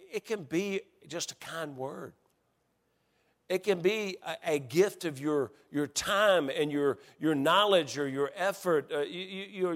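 Halting middle-aged preacher, high-ish voice. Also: male voice. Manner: halting, many restarts, then builds to excited storytelling. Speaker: pastor. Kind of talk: sermon. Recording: long hall reverb.

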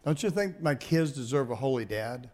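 An older man, a pastor, telling folksy family stories in a sermon, animated and laughing at his own jokes. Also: mid-range voice, moderate pace, a little hiss or hum. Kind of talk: sermon storytelling.

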